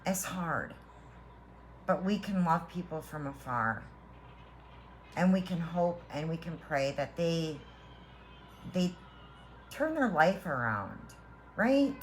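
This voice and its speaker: Slow, earnest woman giving a spiritual reading. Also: sits low, big pitch swings, slight background noise. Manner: earnest, heartfelt, reassuring; halting with repeated restarts. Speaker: tarot reader.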